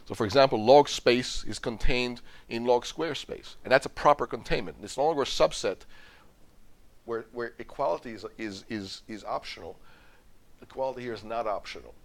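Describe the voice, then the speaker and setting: Emphatic male professor lecturing a class. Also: mid-range voice. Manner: emphatic, repeats and restarts words, quizzes the class. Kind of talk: university lecture. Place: lecture hall.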